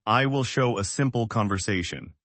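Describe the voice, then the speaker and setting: Slow-speaking man teaching English. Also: lowish voice, a bit bright, no room sound. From United States. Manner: slow, simple, evenly paced sentences. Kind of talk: slow scripted lesson.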